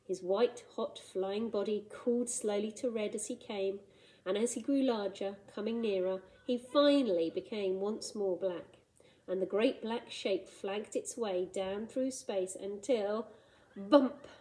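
A woman teacher reading a storybook aloud to children in a gentle, expressive way, with asides about the pictures. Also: medium pitch, measured pace, rough recording.

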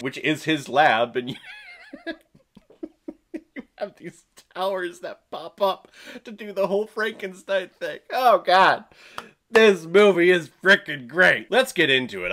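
A man's voice: fairly high pitch, a bit bright. A young man giving a casual, enthusiastic movie review, laughing often.

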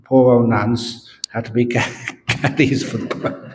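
A man's voice: medium pitch, level tone, measured pace, slight background noise. A man, a Buddhist monk, giving a morning dharma talk at a meditation centre and telling jokes with frequent laughter. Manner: humorous storyteller who laughs at his own jokes.

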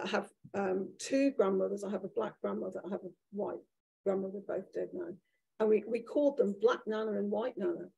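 A woman in her sixties with a Birmingham accent, a guest author telling candid, animated stories in an onstage conversation before an audience. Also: mid-range voice, vocal fry, husky. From Birmingham, England. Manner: animated, candid storytelling with restarts. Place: event room with an audience.

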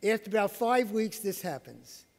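A man's voice: sits high, big pitch swings, normal speed, gravelly, darkish tone. A middle-aged man, an autism therapist, giving a conference lecture and telling case stories, acting out the dialogue. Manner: storytelling, acting out quoted dialogue. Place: conference hall. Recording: long hall reverb.

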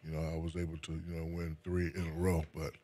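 A man's voice: very deep voice, completely flat delivery, fast, mellow. A man from New Jersey, a retired basketball player being interviewed, speaking in a laid-back way and often repeating words as he starts a sentence. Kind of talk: casual interview chat.

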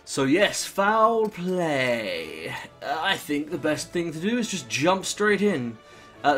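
A man's voice: medium pitch, fairly bright tone. A British man rambling casually through let's play commentary, with lots of fillers and the odd swear. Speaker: gaming channel host.

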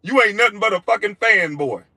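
Raspy high-voiced man ranting profanely. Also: animated, fairly quick, sharp tone, dry recording. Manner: insulting, mocking, profane. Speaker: former basketball player. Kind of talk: profane rant in a played clip.

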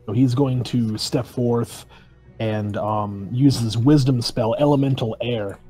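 A man's voice: medium pitch, steady tone, takes it slowly, warm tone, soft background music. A man playing a tabletop game, stammering and restarting as he declares his character's actions. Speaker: player.

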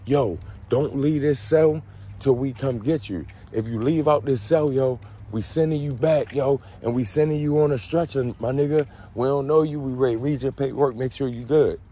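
A man's voice: medium pitch, normal speed, dark tone, husky, voice pushed up, lightly acted. A man voicing a blunt, threatening male prison inmate, using slangy, clipped warnings.

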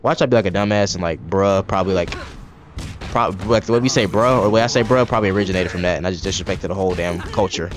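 Low-voiced man swearing through gameplay. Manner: profane, reactive trash talk at the game; rambling asides with many restarts. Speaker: gaming channel host. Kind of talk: casual gameplay commentary.

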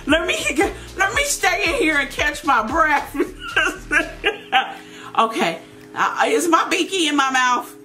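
A woman's voice: very high-pitched, bright, forceful tone. A young woman giving playful gameplay commentary, dramatic and laughing as she talks to her viewers. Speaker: gaming video creator.

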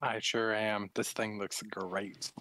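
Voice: mid-range voice, flat delivery, slow pace, sharp tone, no echo. A player in a tabletop game speaking in character, easygoing and amused. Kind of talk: tabletop role-play.

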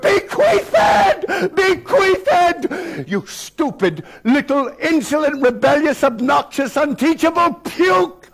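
A man's voice: high-pitched, expressive, a little slow, pitched above the performer's own voice. A man playing a furious older male schoolmaster who screams insults at a pupil and gives cold, stern orders. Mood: furious screaming. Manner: screaming, spitting rage, then icy stern command. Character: furious older male British headmaster, tyrannical. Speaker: headmaster.

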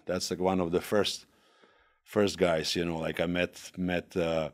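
Man speaking halting. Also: low voice, level tone. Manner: halting, many fillers and restarts, non-native grammar. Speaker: guest, former legionnaire. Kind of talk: casual podcast chat.

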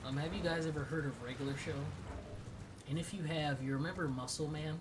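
A woman's voice: deep voice, fairly quick, distant mic, noisy background. A woman streaming a video game, chatting casually in a rambling, jokey way. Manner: rambling, jokey, trails off and laughs. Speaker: gaming streamer. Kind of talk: casual chat while gaming.

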